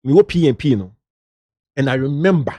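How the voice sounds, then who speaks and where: Guest, Ghanaian man, middle-aged, anecdotal and lively, dry room sound. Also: medium pitch, a little fast, no room sound. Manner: lively anecdotal, drifts into local slang. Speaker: guest, entertainment journalist. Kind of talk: casual interview storytelling.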